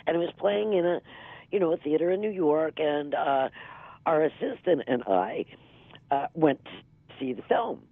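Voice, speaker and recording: A middle-aged woman reminisces as an interview guest, her voice husky and gravelly. She rambles, laughing and leaning on fillers. She comes through a dry, tinny phone line. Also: deep voice, expressive, normal speed, no room sound. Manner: rambling, laughs often, many "you know" fillers. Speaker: interview guest, former music TV veejay. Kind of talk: casual interview storytelling.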